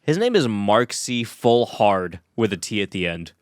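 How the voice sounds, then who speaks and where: A man co-hosting a podcast, joking excitedly while recapping a movie in casual chat. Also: on the low side, measured pace, clean tone. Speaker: podcast co-host.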